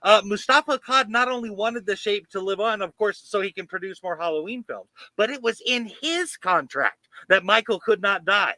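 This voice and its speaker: High, bright-voiced male podcast co-host. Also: expressive, moderate pace, few pauses, dry recording, poor audio. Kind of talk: casual horror podcast chat.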